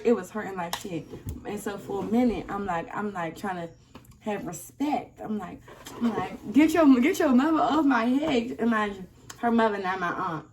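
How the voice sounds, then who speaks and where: A young woman vlogger telling a casual storytime, animated and acting out the people in it. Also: medium pitch. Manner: animated, acts out quoted people. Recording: slightly distant mic, faint noise.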